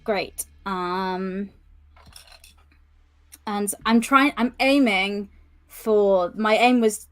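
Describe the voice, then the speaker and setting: A woman's voice: medium pitch, drawn-out words, pauses often, faint music behind. A woman playing a tabletop role-playing game, chatting casually and playfully with fillers. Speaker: player.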